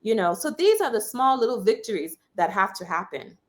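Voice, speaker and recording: Animated young woman telling a story. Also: mid-range voice, a little fast. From United States. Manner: animated storyteller, quotes others with raised voice. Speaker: interview guest, journalist. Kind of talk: candid conversational storytelling.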